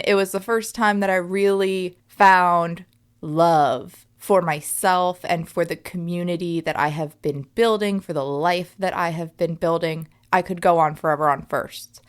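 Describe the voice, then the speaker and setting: A woman in her thirties hosting a solo podcast, reflecting in an emphatic, conversational way and often checking in with her listeners. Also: lowish voice. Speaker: podcast host.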